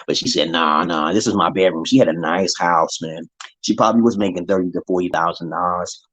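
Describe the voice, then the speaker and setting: A man's voice: deep voice, a little fast, fairly bright tone, husky, no room sound. A man telling a long personal story in a casual, profane monologue, acting out the voices he quotes. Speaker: vlogger. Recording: dry, dull lo-fi sound.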